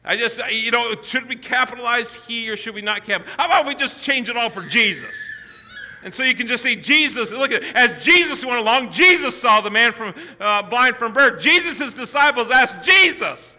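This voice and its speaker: A man's voice: extremely high pitch, animated, moderate pace, pushed and bright, long reverb tail. A pastor preaching a sermon to his congregation, emphatic and repetitive, often restarting his sentences. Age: older. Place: church sanctuary.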